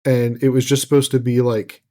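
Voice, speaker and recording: A man's voice: medium pitch, little pitch movement, normal speed, dark tone. A man co-hosting a podcast, talking loosely with many likes and hedges. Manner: loose, hedging talk full of like. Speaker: podcast co-host. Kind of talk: casual chat.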